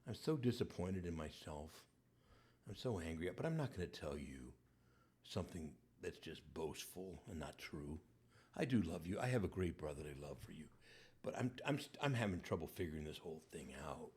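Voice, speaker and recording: A man voicing a remorseful grown man who confesses in a hushed, halting, half-whispered voice. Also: low voice, very animated, husky, voice pushed down, exaggerated voice.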